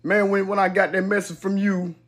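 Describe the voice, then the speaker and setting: Higher-voiced man telling a story. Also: fairly quick. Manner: animated storytelling with fillers. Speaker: guest. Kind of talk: casual chat.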